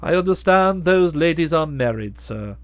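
A man voicing a deferential, unflappable valet who speaks in a measured, formal way. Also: on the high side, lively intonation, clean tone, dry recording, natural voice. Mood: composed. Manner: measured and formal, trailing off softly on each "sir".

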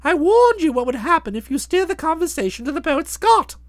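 Woman doing a posh young gent, chatty and pleased with himself, very high lively voice. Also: brisk, no room sound, studio quality. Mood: breezy. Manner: bouncy, wordy, fond of flowery phrases. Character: chatty young English gentleman, breezy and self-satisfied. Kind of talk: audiobook drama, narrating and voicing the hero.

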